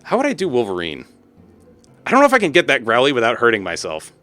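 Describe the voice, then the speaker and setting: A man's voice: medium pitch, huge pitch swings, fast talker, bright, forceful tone, soft background music. A young man streaming a game, chatting casually in a goofy, tongue-tied way and laughing at his own jokes.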